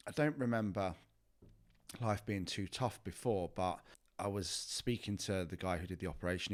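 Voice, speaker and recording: A man, a fitness and mindset coach telling his life story openly in an interview, full of "you know" fillers. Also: deep voice. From England. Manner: open, reflective, lots of "you know" fillers.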